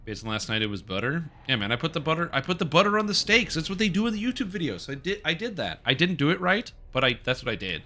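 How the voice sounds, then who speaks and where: A man's voice: a little high, big pitch swings, fast, hardly any pauses, bright, forceful tone. A man in his thirties streaming a game, joking and rambling as he reads chat aloud. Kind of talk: casual stream chat while gaming.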